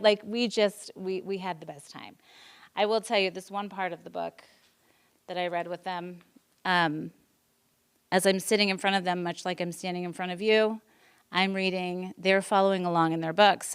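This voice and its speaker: Smooth and fairly low in pitch, this forty-something teacher's voice carries an emotional personal presentation before a school board in a public meeting room. She is earnest, often saying um and restarting her sentences.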